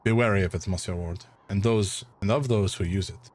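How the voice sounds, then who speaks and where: A man's voice: low-pitched, brisk, a little mellow. A man doing an admittedly clumsy, exaggerated mock French accent to voice a formal, cautious French researcher. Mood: warning.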